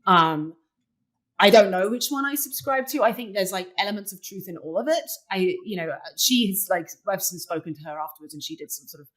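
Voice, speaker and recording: A woman's voice: mid-range voice, a little fast. A young adult woman, a guest in an interview, telling a personal story casually and filling it with "like". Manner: chatty, many "like" fillers, animated retelling. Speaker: interview guest, poker player.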